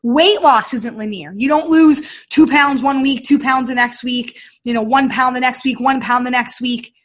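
A middle-aged woman hosts a podcast, telling a personal story in an animated way and acting out what each person said. Her voice is fairly high and husky. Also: moderate pace. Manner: animated, acts out quoted dialogue. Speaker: podcast host and health and fitness coach.

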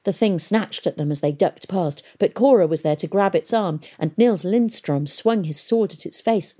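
Audiobook narrator, woman, mellow low voice, measured and expressive. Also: husky.

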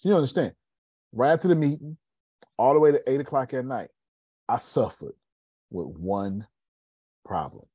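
A man's voice: medium pitch, lively intonation, normal speed, long pauses, warm tone, breathy edge, dry recording. A man hosting a podcast in casual live coaching talk, emphatic, repeating phrases and calling listeners by name. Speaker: podcast host.

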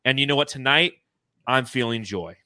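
A man hosting a casual fan podcast, excitedly reading out donations and swearing freely. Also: medium pitch, normal speed, no echo. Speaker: podcast host.

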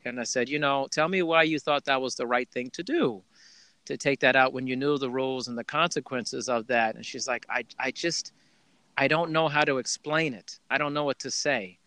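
A man hosting a podcast, telling a heartfelt parenting story in a warm, rambling conversational way with restarts. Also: medium pitch, moderate pace, no echo. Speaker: podcast host. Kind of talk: casual conversational interview.

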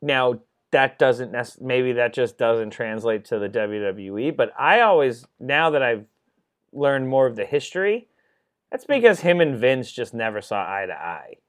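A man co-hosting a casual podcast, animated and swearing freely. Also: mid-range voice, a little slow. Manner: animated, swearing, acts out quotes. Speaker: podcast co-host. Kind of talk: casual chat.

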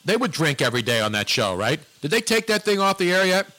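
A man hosting a talk show in loose, wisecracking banter. His voice is bright and sits a touch high, and he rambles and teases his co-hosts as he goes. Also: big pitch swings, fast. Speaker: radio talk show host. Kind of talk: casual on-air banter.

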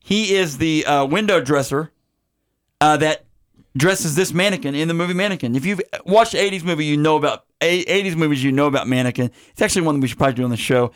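A man's voice: a little high, quick pace, smooth. A man hosting a comedy podcast about bad movies, chatting casually and rambling through credits with jokes and many fillers. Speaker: podcast host. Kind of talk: casual chat.

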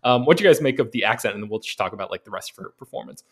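A man from the American South hosting a casual film podcast, talking with many pauses and restarts. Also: medium pitch, animated, gravelly, a bit bright. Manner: hesitant, many ums and restarts. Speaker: podcast host.

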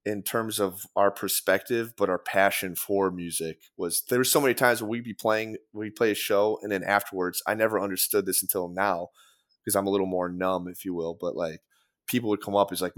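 A man's voice: low-pitched, fairly even intonation, a little fast, a bit bright. A young man chatting as a musician guest, rambling and profane, with lots of fillers. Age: young adult. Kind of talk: casual podcast chat.

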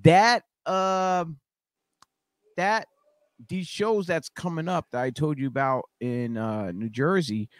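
A man's voice: on the high side, takes it slowly, dry recording, clean studio sound. A man hosting a casual podcast, rambling along with stammering restarts. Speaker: podcast host.

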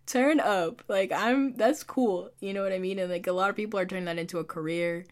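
A woman's voice: medium pitch, fairly even intonation, a little fast, few pauses, a little mellow. A young woman vlogging in a casual, confessional chat, talking loosely, filling with "like" and poking fun at herself. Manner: chatty, fills with "like", self-mocking.

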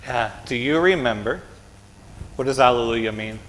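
A man's voice: medium pitch, normal speed, a bit bright, a little hiss or hum, low-quality recording. A man with an American accent giving a children's sermon as pastor, chatty and asking the kids questions, tagging "right?" onto his points. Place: church sanctuary.

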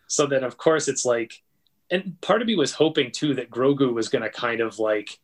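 A man talking in a loose, rambling way, full of fillers and casual swearing. His voice sits at a middle pitch for a man. The talk is relaxed and conversational. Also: normal speed. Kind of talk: casual chat about a TV episode.

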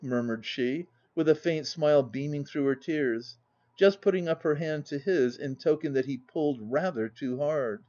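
Male audiobook narrator, measured storytelling, warm and mellow tone, muffled lo-fi sound. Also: medium pitch. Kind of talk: scripted narration.

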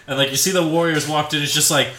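Casting: lively male podcast co-host, bright, explanatory, roomy sound. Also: on the high side, fast talker. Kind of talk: casual chat.

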